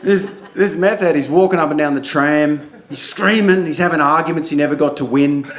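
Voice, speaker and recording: Profane Australian comic on stage. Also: male voice, a little high, fairly quick, some chatter behind. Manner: loose, profane, conversational. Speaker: stand-up comedian. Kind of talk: stand-up comedy routine. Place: comedy club stage. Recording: echoey club with audience noise.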